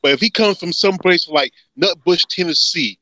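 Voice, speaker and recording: A man's voice: high-pitched, normal speed, very noisy. A man telling a folksy story in casual podcast banter, stammering into his point. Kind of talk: casual chat.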